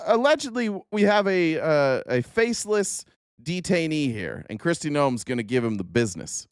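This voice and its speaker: A man's voice: mid-range voice, no echo, clean studio sound. A man hosting a podcast, giving sarcastic, mocking political commentary on video clips. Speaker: podcast host.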